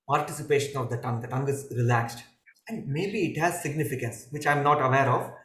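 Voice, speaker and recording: A man, a yoga teacher, giving calm, measured explanations in a podcast conversation, pausing and restarting now and then. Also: medium pitch. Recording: echoey room.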